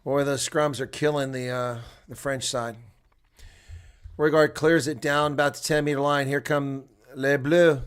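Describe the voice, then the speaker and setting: Bright-voiced man calling rugby. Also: a little high, moderate pace, clear, resonant tone. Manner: swings from quiet asides to loud excited calls; chuckles and chats with viewers between plays. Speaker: play-by-play commentator. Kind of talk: live rugby commentary.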